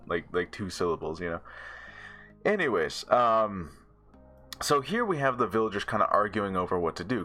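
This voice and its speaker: A man's voice: lowish voice, sharp tone. A man casually reviewing a TV episode, rambling with many fillers and restarts and laughing often. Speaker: show reviewer.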